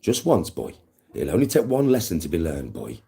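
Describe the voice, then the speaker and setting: A man's voice: low-pitched, huge pitch swings, moderate pace, creaky, dark tone, husky, pitched below the performer's own voice, full character voice. A man doing a sly goading inner devil voice. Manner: coaxing, goading. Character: sly taunting inner evil voice, male.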